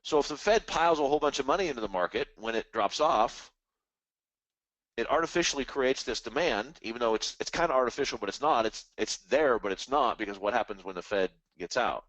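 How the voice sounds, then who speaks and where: A man's voice: mid-range voice, lively intonation, brisk, a bit bright, no echo. A man hosting a live trading stream, rambling casually and animatedly about markets and the economy, now and then mimicking other people's voices. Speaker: trading webinar host.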